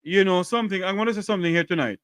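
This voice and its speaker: A man's voice: sits high, rapid-fire, a bit bright, no room sound. A man hosting a call-in talk show, speaking to his listeners in a direct, plain-spoken way.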